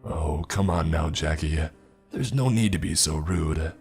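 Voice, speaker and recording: A man voicing an ageless, sinister stranger in a suit who speaks in a calm, slow monotone. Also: very deep voice, vocal fry, breathy edge, faint music behind, exaggerated voice. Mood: calm, menacing.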